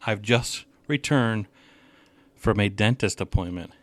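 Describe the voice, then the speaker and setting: A man's voice: fairly low pitch, measured pace, no room sound. A married man co-hosting a podcast, chatting casually in a joking, self-deprecating way. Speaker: podcast co-host. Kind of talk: casual chat.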